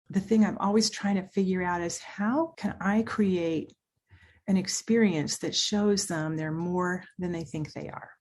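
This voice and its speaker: A woman with a lowish voice appears as a clinical psychologist guest on a podcast interview. She talks animatedly and acts out the voices of the people she quotes.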